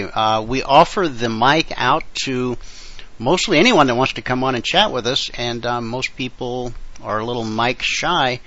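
A man co-hosting a radio show, friendly and easygoing, with many filler pauses. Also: medium pitch, a bit bright, dull audio. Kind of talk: casual radio chat.

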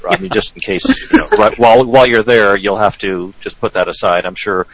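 A man's voice: fairly low pitch, brisk, a bit bright, no echo, lo-fi sound. A man hosting a radio show in a chatty, joking way, often restarting his sentences. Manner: chatty and jokey, with frequent restarts and laughs. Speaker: radio show host, trading educator. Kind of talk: casual radio chat.

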